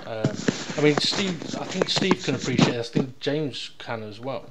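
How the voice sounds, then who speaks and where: A man's voice: medium pitch, expressive, normal speed. A man hosting a casual podcast, rambling and joking with lots of ums and uhs. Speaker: podcast host. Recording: noisy background hiss.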